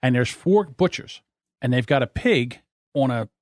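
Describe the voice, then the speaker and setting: A man hosting a podcast, telling a rambling story in a lively, laughing way. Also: medium pitch, moderate pace, no echo, studio quality. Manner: animated, laughing, repeats himself. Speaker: podcast host. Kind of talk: casual storytelling.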